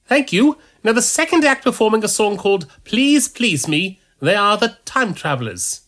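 Man voicing a high, lively storybook priest who hosts a contest and calls out acts loudly. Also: normal speed. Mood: announcing. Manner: loud, high and theatrical. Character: excitable male priest hosting a contest.

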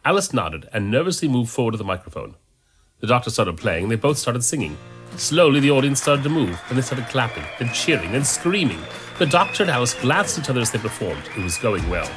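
A man narrating a story in an expressive reading voice. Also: mid-range voice, a little fast. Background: background music.

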